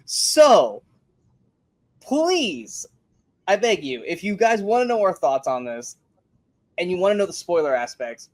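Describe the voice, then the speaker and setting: A man's voice: high-pitched, sing-song, unhurried, pauses often, dry recording. Male podcast co-host, casual review chat, blunt and profane, dry close sound. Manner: profane, emphatic ranting.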